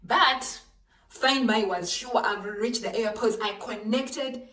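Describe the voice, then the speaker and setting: A woman telling a dramatic storytime vlog to her viewers, talking into a handheld phone in a lively, animated way. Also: fairly high pitch, slow pace, recorded from a distance. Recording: roomy echo, voice off-mic, faint background noise.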